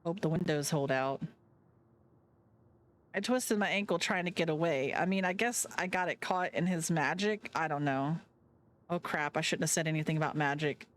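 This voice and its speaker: A woman's voice: low-pitched, normal speed. A woman streamer reading a visual novel aloud live, chatting and reacting between lines. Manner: chatty, reacting as she reads.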